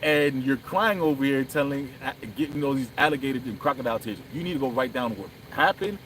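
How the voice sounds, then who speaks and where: A man's voice: mid-range voice, fairly quick, a bit bright, slight background noise, poor audio. A man chatting casually outdoors, animatedly telling a story and acting out quotes with lots of swearing. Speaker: vlogger. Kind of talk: casual chat while riding. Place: outdoors on city streets.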